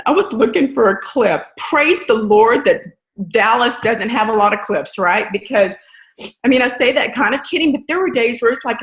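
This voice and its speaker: Earnest woman in an echoey room. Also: on the high side. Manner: earnest, conversational, often asks "right?". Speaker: guest speaker on a team call. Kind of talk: motivational talk.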